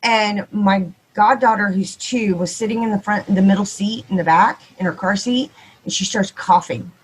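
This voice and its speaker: A woman with a Texan accent, probably in her thirties or forties, telling a ghost story on a podcast, quick and animated and acting out the dialogue. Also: mid-range voice, breathy edge, poor audio. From Texas. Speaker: podcast guest. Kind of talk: casual storytelling.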